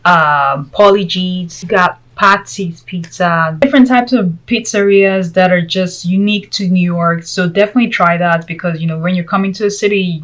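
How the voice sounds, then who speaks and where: A woman vlogger whose first language is Spanish chats casually to camera. Her voice sits a little low. She keeps things light, joking and laughing between her points. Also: a bit bright, rough recording. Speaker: vlog host.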